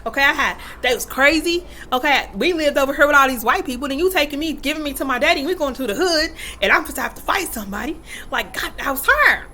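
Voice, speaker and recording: A woman's voice: high voice, lively intonation, fast, bright, forceful tone, a little hiss or hum. A woman in her thirties talking candidly to the camera, emphatic and acting out quotes as she tells stories about parenting. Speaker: vlogger and mother. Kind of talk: casual talk to camera.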